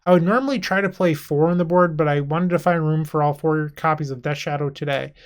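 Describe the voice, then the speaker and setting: A man's voice: a little high, brisk, clean tone. A young man who hosts a gaming channel, talking frankly and a little exasperated, straight to his viewers. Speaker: channel host. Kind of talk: casual gaming commentary to camera.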